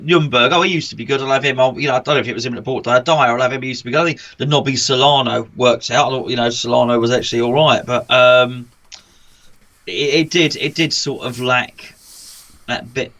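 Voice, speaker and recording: Playful male co-host with a bright, forceful voice. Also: medium pitch, brisk. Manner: jokey, playful, laughs often. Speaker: podcast co-host. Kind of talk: casual chat.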